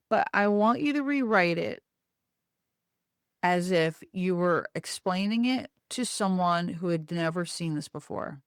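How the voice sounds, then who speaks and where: Woman quoting patient male VP, calm, coaxing, step-by-step; dry close sound. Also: mid-range voice, clear, resonant tone, no echo. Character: patient soft-spoken male marketing boss.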